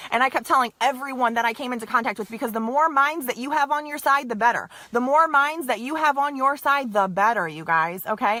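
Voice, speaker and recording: Fast, bright-voiced woman giving a pep talk. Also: sits high, dry recording. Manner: emphatic, repetitive, keeps saying "you guys" and "okay". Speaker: sales team leader. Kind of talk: motivational live-stream pep talk.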